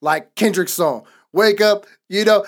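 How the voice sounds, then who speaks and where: A man's voice: high voice, measured pace. Emphatic man giving testimony. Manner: emphatic, repetitive preaching cadence. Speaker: podcast co-host. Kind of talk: casual faith talk, personal testimony.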